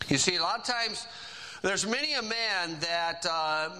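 A man preaching a sermon, reading scripture aloud and stressing key phrases with slow, drawn-out emphasis. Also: high-pitched, pushed and bright, low-quality recording.

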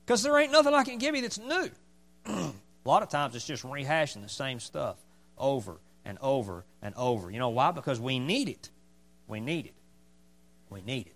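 A man's voice: fairly high pitch, a bit bright. A man pastor preaching a sermon emphatically, repeating his points for stress.

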